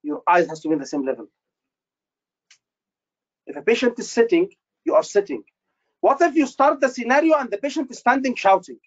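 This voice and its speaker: A man tutoring doctors for an exam, quizzing his class with quick questions and repeating key phrases for emphasis. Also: very high-pitched, lively intonation, lo-fi sound. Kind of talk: live teaching session.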